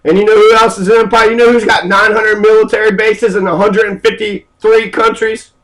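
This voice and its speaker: A man's voice: high voice, level tone, a little fast, a bit bright, low-quality recording. A man giving an angry, profane history lecture, full of rhetorical questions and hesitant fillers. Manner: angry, ranting, heavy cursing, rhetorical questions. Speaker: speaker giving a political history talk.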